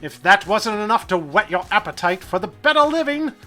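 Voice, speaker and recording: A man's voice: high voice, very animated, bright, forceful tone, faint music behind, pitched above the performer's own voice, heavily acted. A man putting on an impression of a pompous, British-sounding luxury-lifestyle TV announcer, stretching out the grand words. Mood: grandiose. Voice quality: grand, drawn-out showman delivery.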